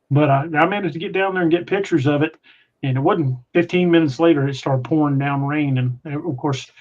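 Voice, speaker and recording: A man hosting a podcast in casual chat, telling a story in a rambling way with frequent restarts. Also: on the high side. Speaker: podcast host. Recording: muffled lo-fi audio.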